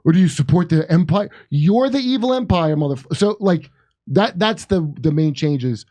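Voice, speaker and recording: A man riffs loosely and sarcastically, swearing as he goes. His voice sits a little high, and the recording is dry with almost no room sound. He talks in a casual, rambling way. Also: animated, moderate pace, mellow, no echo. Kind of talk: casual political chat.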